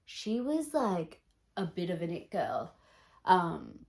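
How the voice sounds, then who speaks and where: A woman's voice: fairly low pitch, very animated, slow pace, a little mellow. A woman beauty vlogger doing a chatty get-ready-with-me makeup talk, blunt and opinionated.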